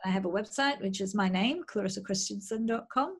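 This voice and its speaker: A woman guest on a podcast, explaining her coaching programs in a steady, explanatory way. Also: mid-range voice, a little fast, breathy edge. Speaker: menopause coach. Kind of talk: interview guest.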